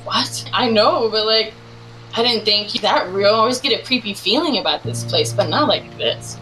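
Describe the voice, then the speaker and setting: A woman calling in to share her true ghost story, speaking in a casual, rambling way full of "like" fillers, with animated bursts as she relives it. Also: normal speed, a little hiss or hum, poor audio. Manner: rambling, heavy use of "like" fillers; animated retelling with bursts of rising pitch. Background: faint music bed.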